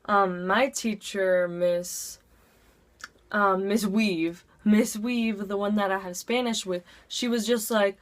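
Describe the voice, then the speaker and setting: A woman's voice: medium pitch, fairly even intonation, takes it slowly. A teenage girl telling a casual storytime, chatty and filling her talk with "like". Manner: chatty, heavy use of "like". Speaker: vlogger.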